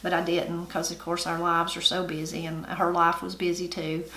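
A woman's voice: lowish voice, completely flat delivery, a bit bright. Appalachian woman telling family stories. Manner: folksy, unhurried storytelling with homey grammar. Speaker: channel host. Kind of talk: family storytelling. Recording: roomy echo.

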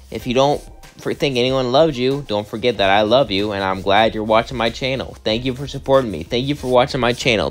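A man's voice: mid-range voice, fairly bright tone. A young man telling a fan story in a casual storytelling style and chatting rambling and giggly to his viewers. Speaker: channel host.

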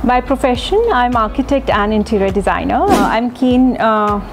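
Woman, pausing self-introduction. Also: fairly high pitch. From India. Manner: measured, with frequent pauses and fillers. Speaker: award recipient. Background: music.

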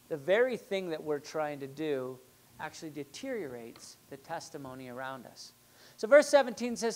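A pastor delivering a sermon in an easy, conversational way, often turning to the congregation with rhetorical questions. His voice rises for emphasis and drops low for quieter, more pointed remarks. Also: vocal fry.

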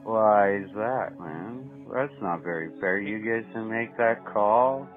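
Prank caller, male, mid-pitched, mocking and foul-mouthed, tinny phone sound. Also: slow pace. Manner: mocking, profane, taunting. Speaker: prank caller baiting scammers. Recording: tinny phone line, faint music.

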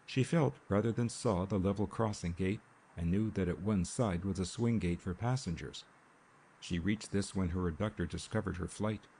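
Deep, gravelly male audiobook narrator. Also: moderate pace, mellow, a little hiss or hum. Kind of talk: scripted narration. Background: rain sounds.

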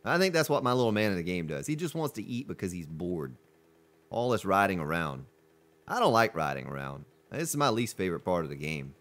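A male streamer with a deep voice talks casually over his gameplay, reading chat messages and greeting viewers. His pitch rises and falls freely as he chats, animated and conversational. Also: brisk. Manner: chatty, reads chat aloud, greets viewers. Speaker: game streamer. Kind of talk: casual live-stream commentary.

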